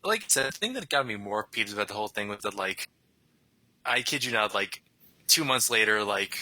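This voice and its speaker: A man's voice: lowish voice, expressive, a little fast, sharp tone, no room sound, low-quality recording. A young man chatting casually and rambling, often laughing as he talks. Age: young adult. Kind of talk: casual conversation.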